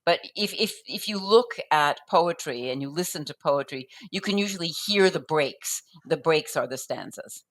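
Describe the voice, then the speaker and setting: A woman guest explaining poetry in relaxed conversation, thinking aloud with frequent restarts and sounding out rhythms as da-dum. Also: sits low, moderate pace, hardly any pauses. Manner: thoughtful, with frequent restarts and fillers.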